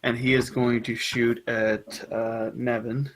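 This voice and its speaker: A man running a tabletop role-playing game as game master, explaining rules in a relaxed way and laughing easily. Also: medium pitch, slow, poor audio.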